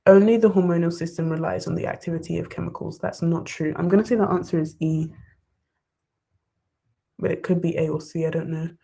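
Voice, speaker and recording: Excitable young woman thinking aloud. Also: lowish voice, fairly quick, vocal fry, slightly rough. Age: young adult. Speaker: study vlogger. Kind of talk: live study stream. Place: bedroom desk, wrapped in blankets.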